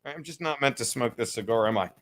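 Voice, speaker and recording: A man's voice: medium pitch, animated, fast talker, a bit bright. A man hosting a casual podcast livestream, reading chat aloud with profane, rambling, self-mocking talk while fumbling to light a cigar.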